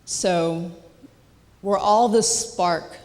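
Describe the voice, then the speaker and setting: An adult speaker giving an earnest personal testimony at a church service, halting with frequent restarts and soft laughs. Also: medium pitch. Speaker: guest speaker sharing a testimony. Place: church sanctuary. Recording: long church-hall reverb.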